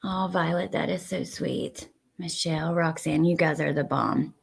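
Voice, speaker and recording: A woman hosting a casual live stream, reading viewer comments aloud. She swears heatedly at people in her chat and then thanks her chatters warmly. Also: deep voice, a little slow, gravelly, breathy edge.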